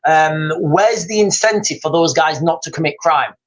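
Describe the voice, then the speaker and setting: A man's voice: on the high side, normal speed, poor audio. A man hosting a casual livestream, rambling, repeating himself and reading out viewer comments. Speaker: livestream host. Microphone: streaming mic.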